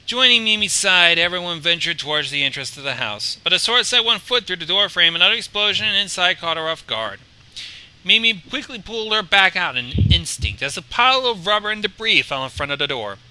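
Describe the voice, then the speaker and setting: A man reading his own fan story aloud on a livestream, animated, with stumbles and restarts. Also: sits high, fairly quick, clear, resonant tone, poor audio. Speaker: fan fiction reader and stream host.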